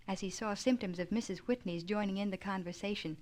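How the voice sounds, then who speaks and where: A woman reading an abridged children's classic aloud in measured, storytelling narration. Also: mid-range voice, a little mellow. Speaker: audiobook reader. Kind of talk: scripted narration.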